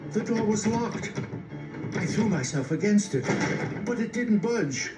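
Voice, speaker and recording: A man reading a picture-book story aloud in an expressive, playful way, teasing his listeners. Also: sits high, measured pace. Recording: roomy, distant sound with music.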